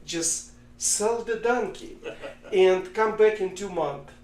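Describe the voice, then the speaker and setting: A man voicing a calm, wise old rabbi giving reassuring advice. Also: high voice, takes it slowly, roomy sound, pitched above the performer's own voice.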